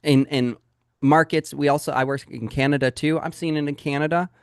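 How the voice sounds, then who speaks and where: A man's voice: fairly high pitch, brisk, gravelly, smooth, no echo. Brief: upbeat male coach, dry close sound. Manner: energetic and emphatic, talks straight to the audience. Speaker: real estate sales coach. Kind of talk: live training webinar.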